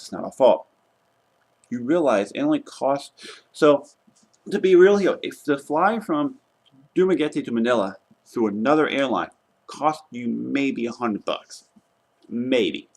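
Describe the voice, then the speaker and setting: A young man vlogging casually, retelling a travel mishap in an exasperated, animated way and swearing now and then. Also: a little high. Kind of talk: casual travel vlog rant.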